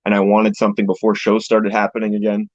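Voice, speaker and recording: Speaking quickly in a low, monotone, darkish voice, a young pro wrestler from Canada rambles casually as an interview guest, swearing now and then. The video call audio is dull and lo-fi, dry with no echo.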